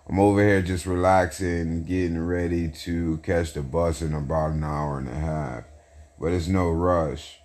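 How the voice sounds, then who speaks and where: Slow, deep-voiced man hosting solo podcast. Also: vocal fry, a little mellow. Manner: repetitive, hype chanting, self-talk with slang. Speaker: podcast host. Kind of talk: casual solo podcast monologue.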